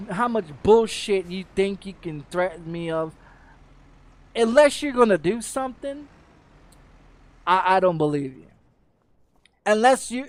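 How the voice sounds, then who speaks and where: A man's voice: very high-pitched, no echo. Brief: middle-aged American male streamer, angry cursing rant, stammers and restarts, dry close mic. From United States. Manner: profane, angry, repeats and restarts words. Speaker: game streamer. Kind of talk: heated off-topic rant on a livestream.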